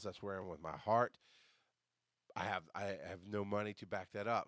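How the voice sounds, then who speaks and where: A man hosting a podcast, telling a story in a casual monologue, jumping between loud outbursts and quiet asides and swearing as he rants. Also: fairly low pitch, no echo, studio quality. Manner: swears casually while ranting. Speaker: podcast host.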